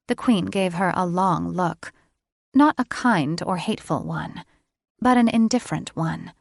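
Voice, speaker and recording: A woman narrates a fantasy novel at a slow, deliberate pace. Her storytelling is measured and even. The voice sits close and dry, with no room sound around it. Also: on the low side, vocal fry, no room sound. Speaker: audiobook narrator. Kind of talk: scripted audiobook narration.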